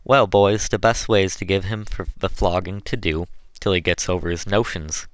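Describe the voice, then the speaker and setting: Guy putting on a mean low-voiced slave master, loud and bossy, dry sound. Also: moderate pace, dry recording, lightly acted. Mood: menacing. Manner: harsh, barking commands. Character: cruel, domineering male plantation master.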